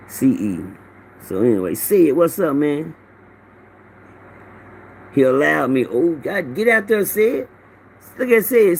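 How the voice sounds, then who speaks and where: A middle-aged man runs a casual livestream on his phone, greeting viewers by name and rambling through loose, profane stories. His voice is high and fairly bright, with noticeable vocal fry.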